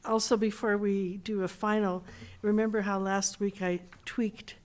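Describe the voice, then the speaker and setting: Halting woman council member. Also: medium pitch, level tone, darkish tone. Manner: halting, many restarts, reads slowly from a text. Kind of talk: council meeting discussion. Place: council chamber.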